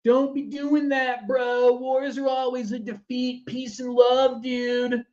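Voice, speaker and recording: A man's voice: extremely high pitch, flat delivery, takes it slowly, darkish tone, lo-fi sound, voice pushed up. A man voicing a laid-back, peace-preaching male dude in a mocking, drawling way.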